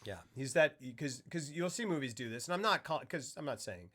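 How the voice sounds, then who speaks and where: A man co-hosting a casual film talk stream, animated, retelling scenes with voices and sound effects. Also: a little high, fairly quick. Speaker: podcast co-host. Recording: livestream.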